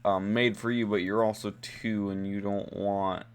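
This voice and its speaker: A man's voice: lowish voice, level tone, measured pace, smooth. A man reading out posts and reacting in disbelief, laughing and rambling with fillers in casual commentary.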